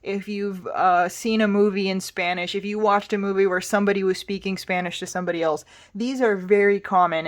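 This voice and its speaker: Patient woman teaching a language lesson. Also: medium pitch. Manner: patient, spells words out letter by letter. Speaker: Spanish teacher.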